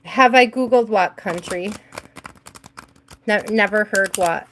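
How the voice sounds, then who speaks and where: A woman's voice: medium pitch, slow pace, a bit bright, slight background noise. A woman hosting a live tarot stream, chatting casually with viewers, laughing often and greeting them by name.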